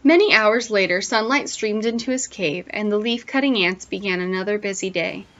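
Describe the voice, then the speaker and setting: A woman teacher reads a picture book aloud to children with expressive storytelling and stops now and then to ask them questions. Her voice sits at a middling pitch. The recording is dull and lo-fi. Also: moderate pace.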